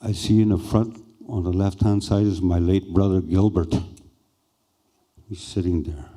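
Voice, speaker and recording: Slow, low-voiced older man telling a story. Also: steady tone, warm tone. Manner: slow, halting, reflective. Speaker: speaker at a treaty conference. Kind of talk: personal storytelling.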